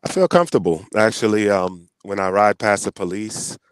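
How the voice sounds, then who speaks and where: A man's voice: fairly low pitch, lively intonation, normal speed, smooth, no echo. A man from New York, a guest in a casual interview, explaining things in an easygoing way. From New York, United States.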